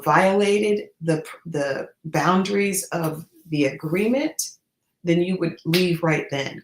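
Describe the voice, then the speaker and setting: Woman podcast host, gravelly gossip commentary, incredulous and lively, echoey room. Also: lowish voice. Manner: animated, incredulous, talks straight to listener as "girl". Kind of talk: casual reality TV gossip commentary.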